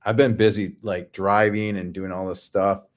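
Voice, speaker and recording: A man's voice: low voice, flat delivery, normal speed. A man from the Midwest hosting a casual livestream, reading out chat comments and answering in a laid-back, slangy way.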